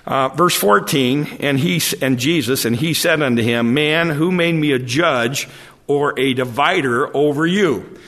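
A man preaching a conversational sermon, halting and often repeating his words as he explains the text. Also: a little high, a bit bright. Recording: long hall reverb.

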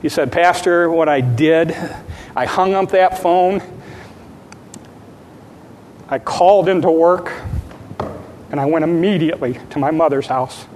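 A man's voice: moderate pace, long pauses, darkish tone. A man preaching as a pastor, retelling a story and building to fervent preaching. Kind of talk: sermon. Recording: long hall reverb, faint rumble.

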